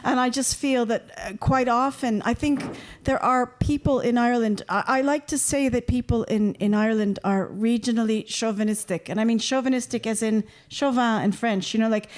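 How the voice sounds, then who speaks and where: Woman, from Washington D.C., higher voice, chatty panel talk, animated. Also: moderate pace. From United States, Washington D.C. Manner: chatty, animated, many asides. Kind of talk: panel discussion.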